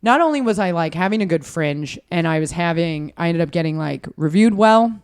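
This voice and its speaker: Animated young American woman telling stories. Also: on the low side, brisk, clean tone. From United States. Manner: animated storyteller, acts out voices of others, swears freely. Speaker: guest comedian. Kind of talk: casual podcast chat.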